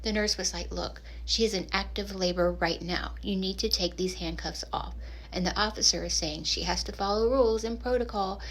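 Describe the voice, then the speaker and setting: A woman talking earnestly to her followers and reading passages from a study aloud, sometimes dropping to a soft hush. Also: fairly low pitch, creaky, poor audio. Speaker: social media creator. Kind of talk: earnest social media commentary.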